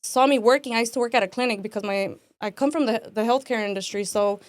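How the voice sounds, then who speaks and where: A woman in her twenties with a somewhat high voice tells her own story as a podcast guest. She talks casually, acts out what people said, and fills her speech with "like" and "man." The sound is dry and close. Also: quick pace, no echo. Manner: animated, acts out quotes, frequent "like" and "man".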